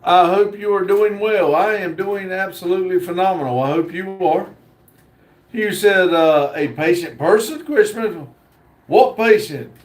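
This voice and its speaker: A man hosting a casual livestream, reading viewer comments aloud in an unhurried, joking way with frequent pauses. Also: high voice, expressive. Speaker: livestream host. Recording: roomy echo.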